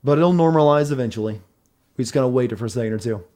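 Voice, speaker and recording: Mellow-voiced male game streamer. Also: medium pitch, fast talker. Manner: chatty, apologetic about stream trouble. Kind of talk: casual game stream chat.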